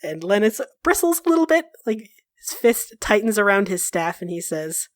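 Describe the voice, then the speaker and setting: A woman runs a tabletop game as game master, narrating in a casual way with fillers. Her voice sits at a middle pitch, and the sound is dry and close. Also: sing-song, moderate pace, no echo.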